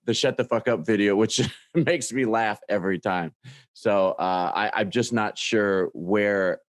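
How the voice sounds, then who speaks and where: Rambling low-voiced man hosting a call. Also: no echo, clean studio sound. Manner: rambling, halting, many restarts. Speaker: host. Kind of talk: casual video-call chat.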